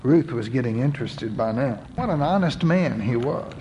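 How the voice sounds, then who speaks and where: A man's voice: medium pitch, expressive, moderate pace, a little mellow, lo-fi sound, slight background noise. A man narrating a biblical story aloud and voicing its characters, reading scripture with dramatic emphasis.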